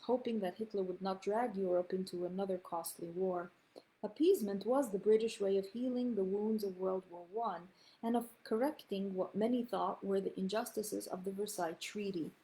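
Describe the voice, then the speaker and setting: A woman reading her grandfather's memoir aloud as storytelling, pausing to explain Yiddish and Hebrew terms. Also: mid-range voice, mellow, low-quality recording.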